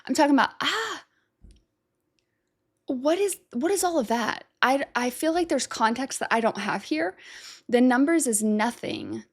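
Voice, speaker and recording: A woman's voice: high-pitched, animated. Uncertain woman thinking aloud. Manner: thinking aloud, unsure, trailing off into self-doubt; reads lyrics aloud slowly. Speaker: music reaction host. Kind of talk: casual reaction commentary.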